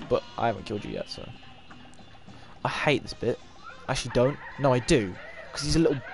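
A sixteen-year-old boy streaming a game, excitable and swearing, shouting at the game. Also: mid-range voice, brisk, faint music behind. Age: teens. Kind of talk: live gameplay commentary.

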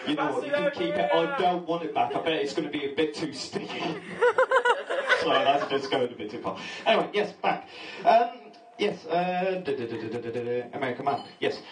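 A man's voice: on the high side, normal speed, heavy background noise. A young man from England doing a stand-up comedy set in a pub, nervous and rambling, often laughing at his own jokes. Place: pub function room with a live audience. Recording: distant echoey pub room recording.

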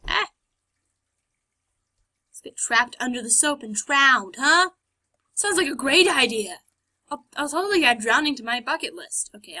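A gamer with a high, bright, pushed voice provides let's play commentary on her own playthrough, chatting sarcastically and talking back to the on-screen characters.

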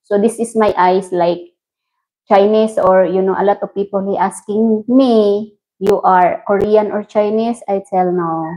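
A woman from the Philippines with a Filipino accent, hosting a casual livestream and chatting with viewers in halting English. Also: medium pitch, fairly even intonation, warm tone, rough recording. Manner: slow, halting non-native English with frequent laughs. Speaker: livestream host. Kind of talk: casual livestream chat reading viewer comments.

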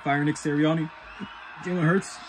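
A young man reacting to football highlights, excitable and profane, repeating his lines as he yells at the game. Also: normal speed, a crowd in the background. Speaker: sports reaction host.

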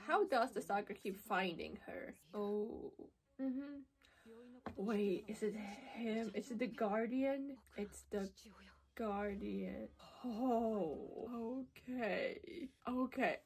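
A woman with a breathy, slightly husky voice, pitched a little high, talks in a slow, unhurried way. She reacts to an anime in casual commentary, exclaiming and gasping at what happens on screen. Between the outbursts she rambles, filling her sentences with "you know" and "like.". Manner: rambling with frequent fillers. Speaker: anime reaction channel host.

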